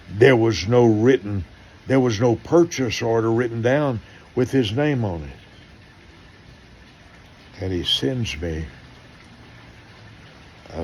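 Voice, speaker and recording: Low-voiced older pastor telling stories. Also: male voice, slight background noise. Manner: animated, acts out dialogue in stories. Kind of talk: sermon-style storytelling.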